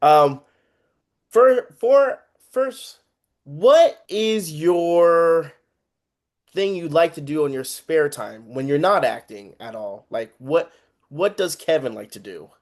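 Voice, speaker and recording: A man interviewing a guest, asking relaxed, hesitant questions and laughing easily. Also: on the high side, slow. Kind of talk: casual interview chat.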